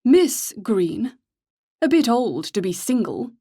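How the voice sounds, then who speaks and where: A woman's voice: on the high side, big pitch swings, takes it slowly, dark tone, full character voice. A woman reading the part of a cold, ruthless male gang leader with a clipped, educated English accent and a curt, menacing way of speaking.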